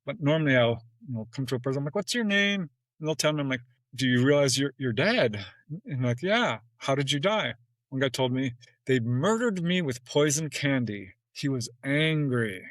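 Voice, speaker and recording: A man in a relaxed interview who tells his stories with plenty of animation. He acts out the dialogue and jumps up in pitch when he quotes, with frequent little laughs. His voice sits in a middle register, recorded close and dry with no room sound. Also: normal speed, dry recording, low-quality recording. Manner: laughs often between phrases. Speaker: podcast guest. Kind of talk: casual storytelling in an interview.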